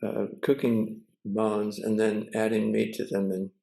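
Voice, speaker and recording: An older man with a gravelly, mellow, low voice tells a story. He talks haltingly, with pauses and restarts, heard through a video call mic. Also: monotone, low-quality recording. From United States. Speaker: Zen teacher and cook. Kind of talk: casual storytelling.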